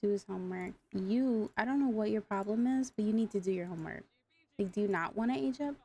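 Woman, gaming commentary, gravelly voice, mellow tone, talks back to the screen. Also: mid-range voice, fast talker. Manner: exasperated, talks to the game characters. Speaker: gaming YouTuber. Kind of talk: casual gameplay commentary.

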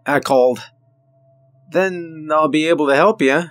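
A man's voice: a little high, a bit bright, no echo, faint music behind. Suspenseful male horror story narrator. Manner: measured, suspenseful storytelling with dramatic pauses.

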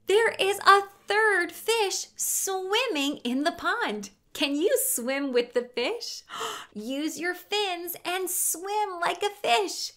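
A young woman with an extremely high, expressive voice hosts an outdoor toddler learning show. She speaks slowly, her tone bright and forceful, singing and talking in a sing-song way with gasps and coaxing questions. Ukulele music runs underneath.

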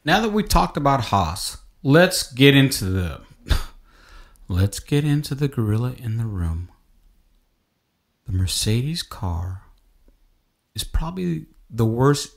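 A man hosting a casual motor racing podcast, talking in an animated way that rises to exclaiming rants. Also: medium pitch, slow, vocal fry, pauses often. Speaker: podcast host. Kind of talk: casual sports podcast chat.

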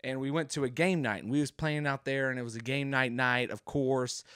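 A man's voice: mid-range voice, fairly even intonation, fairly quick, a bit bright, clean tone, no room sound, studio quality. A young man hosting a podcast from his home game room, rambling in a jokey, casual monologue. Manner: rambling, jokey, does voices. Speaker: podcast host.

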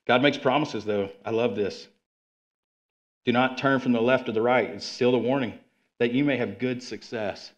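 Man preaching, slightly muffled sound. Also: medium pitch. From Arkansas. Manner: energetic, conversational preaching with quick asides. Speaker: guest preacher. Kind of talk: sermon. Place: church sanctuary.

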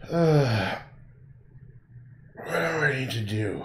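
A man's voice: mid-range voice, animated, moderate pace, a little mellow, echoey room, a little hiss or hum. Rambling man muttering while he paints. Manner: rambling, muttering to himself, self-interrupting. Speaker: painter livestreaming his work. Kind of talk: casual thinking aloud while painting.

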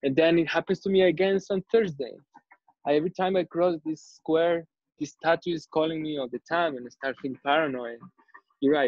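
A male artist, interviewed over a video call, telling a story in a relaxed, rambling way with many restarts. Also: on the high side, no echo. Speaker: artist guest. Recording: dull lo-fi video call audio.

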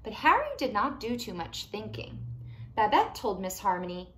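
A woman reading a picture book aloud to young children, animated and pausing to ask them questions. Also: mid-range voice. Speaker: children's storytime reader.

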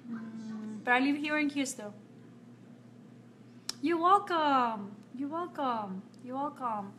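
A woman from Nicaragua, chatting casually with viewers on a live stream as a makeup artist, talkative and quick to laugh. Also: high-pitched, animated, bright, forceful tone, a little hiss or hum.

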